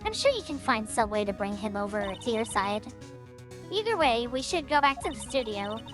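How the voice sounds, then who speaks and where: A woman voicing a composed senior woman lawyer who speaks in a calm, measured, reassuring way. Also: on the high side, over music.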